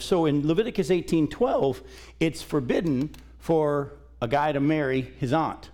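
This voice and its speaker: A man's voice: on the high side, animated, a little slow, a little mellow. A middle-aged man, a pastor, teaching from scripture in a folksy, conversational sermon in a church. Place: church sanctuary.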